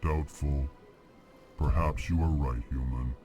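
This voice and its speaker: An actor playing a huge, emotionless alien diplomat who speaks in a slow, deep monotone and names each emotion before he speaks. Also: over music. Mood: flat monotone.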